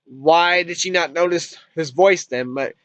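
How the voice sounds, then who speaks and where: Guy reviewing a movie, kinda high voice, swears a lot, keeps restarting, dry lo-fi sound. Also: unhurried, a bit bright, dry recording. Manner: rambling retelling with frequent restarts and fillers; casual, swears freely. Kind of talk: casual spoken movie review. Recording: dull lo-fi dry recording.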